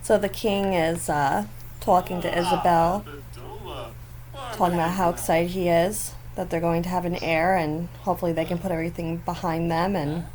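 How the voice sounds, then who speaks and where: A woman's voice: on the low side, little pitch movement, moderate pace, darkish tone. Chatty, giggly woman narrating gameplay. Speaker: gaming channel host. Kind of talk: casual gameplay commentary. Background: faint neighbors outdoors.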